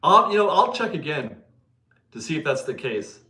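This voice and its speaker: Man, casual livestream host, laughs often, bright tense voice, echoey room. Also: fairly high pitch, very animated, moderate pace. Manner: chatty, laughs often, self-correcting. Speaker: livestream host reading viewer donations.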